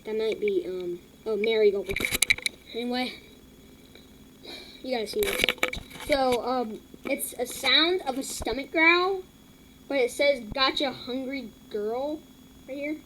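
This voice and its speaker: A woman hosting a casual reaction video, mocking what she watches, repeating herself and filling pauses with lots of ums. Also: on the high side. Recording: loud background noise.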